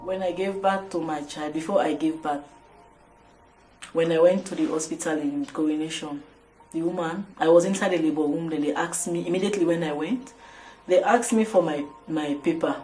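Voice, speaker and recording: A woman's voice: sits low, moderate pace. Woman telling her story. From Sierra Leone. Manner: animated storytelling, acting out dialogue. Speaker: interviewee. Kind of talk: documentary interview testimony.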